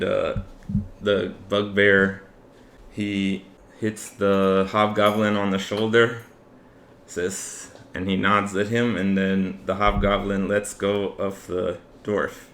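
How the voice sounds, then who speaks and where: A man running a tabletop game as game master, narrating the scene in a relaxed way with many fillers. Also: on the low side, slow pace. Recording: echoey room with faint ambient noise.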